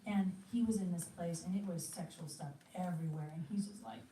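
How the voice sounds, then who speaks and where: A woman teaching an audience in an animated way, telling stories and acting out the inner voices she hears. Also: on the low side, fairly quick, far from the mic. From from another country. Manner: storytelling, acts out inner voices. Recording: roomy hall, speaker off-mic, faint hiss.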